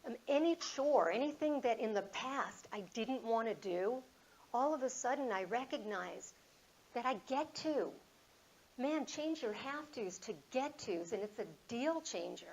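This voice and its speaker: A motivational speaker in her fifties tells a personal story to an audience, with a gravelly, fry-laden voice that sits a little high. She is conversational and animated, and slips into the voices of the people in her story. A faint hiss runs underneath. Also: unhurried, lo-fi sound. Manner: conversational, animated, acts out dialogue.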